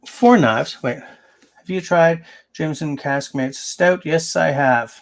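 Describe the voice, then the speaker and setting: A man's voice: fairly high pitch, slow pace, gravelly. A man hosting a casual livestream, answering viewers and thinking aloud as he rambles. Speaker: livestream host.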